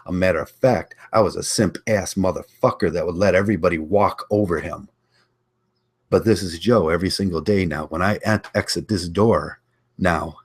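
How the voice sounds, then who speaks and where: Man, deep voice, slight rasp, blunt combative rant, repeats his points. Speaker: online channel host. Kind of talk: ranting monologue.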